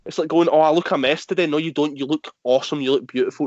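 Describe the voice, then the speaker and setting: Young Scottish male podcast host, quick and animated, dull dry lo-fi recording. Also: a little high, no room sound. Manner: animated storyteller, acts out quotes. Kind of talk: casual chat among friends.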